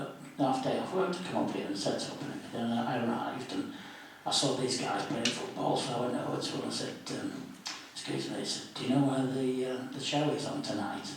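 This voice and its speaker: A man in his seventies spins anecdotes for a meeting audience, slipping into the voices of the people he quotes. His voice carries through a very echoey hall, picked up from a distance with a light hiss underneath. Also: mid-range voice. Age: 70s. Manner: lively raconteur, acts out quoted voices. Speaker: interview guest, former student union officer. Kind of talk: anecdotal storytelling at a public meeting.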